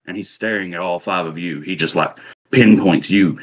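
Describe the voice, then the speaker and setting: A man's voice: deep voice, moderate pace, highs cut off. A man narrating as a tabletop game master, rambling with many fillers.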